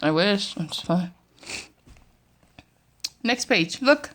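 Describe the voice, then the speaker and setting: A woman's voice: mid-range voice, lively intonation, slow pace, a bit bright, a little hiss or hum. Mother in sing-song baby talk. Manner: sing-song, coaxing, often laughing. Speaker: vlogger mother. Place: bedroom at home.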